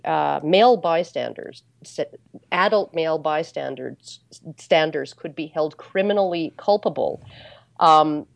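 Female guest, low voice, deliberate explanations with fillers, dry close sound. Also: gravelly, dry recording. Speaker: interview guest. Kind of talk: casual interview.

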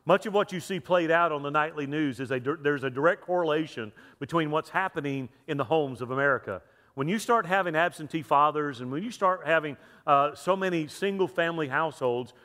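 A man's voice: on the high side, a bit bright. A male pastor giving a chatty sermon, repeating words and putting questions to the congregation. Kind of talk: sermon with jokes and a story. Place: church sanctuary. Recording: long reverb of a large hall.

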